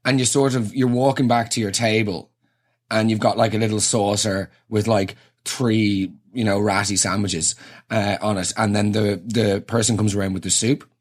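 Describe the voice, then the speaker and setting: Irish man, young adult, husky voice, sweary comic rant, acts out little scenes. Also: lowish voice, fairly even intonation, moderate pace. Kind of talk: comic monologue.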